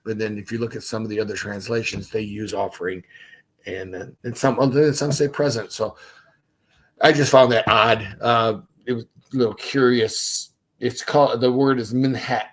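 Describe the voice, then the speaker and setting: Husky-voiced man leading a Bible study. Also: lowish voice, fairly even intonation, normal speed, a bit bright. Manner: conversational, reads scripture aloud with asides. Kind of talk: casual livestream Bible study.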